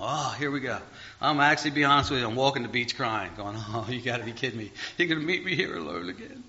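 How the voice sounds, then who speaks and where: A man's voice: medium pitch, pushed and bright, muffled recording. A man preaching a sermon, telling a personal story and asking the congregation rhetorical questions.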